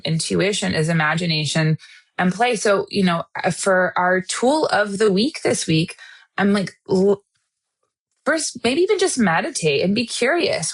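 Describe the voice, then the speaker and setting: A woman co-hosting a podcast who gives intuitive readings, talking in an earnest, enthusiastic way. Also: lowish voice. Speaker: podcast co-host and intuitive reader. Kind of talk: casual chat.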